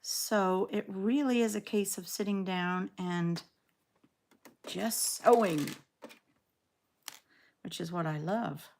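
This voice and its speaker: A woman in her sixties with a Canadian accent chats at an unhurried pace, rambling and poking fun at herself. Her talk is easygoing and casual, with a faint noise underneath. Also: medium pitch, darkish tone. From England. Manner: chatty, rambling, self-deprecating. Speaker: quilting vlogger. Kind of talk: casual sew-along chat.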